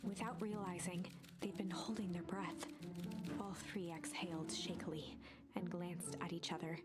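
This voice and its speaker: A woman narrating a story game in a hushed, suspenseful voice that often drops to a half-whisper. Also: lowish voice, fairly even intonation, moderate pace. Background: game music.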